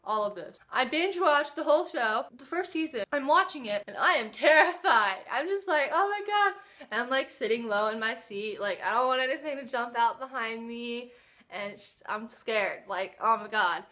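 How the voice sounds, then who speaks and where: A young woman talks straight to camera in a casual vlog, gushing and excitable. Her voice sits high and sounds bright and clear, with lots of enthusiasm packed into every line. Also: moderate pace. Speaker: book and TV vlogger.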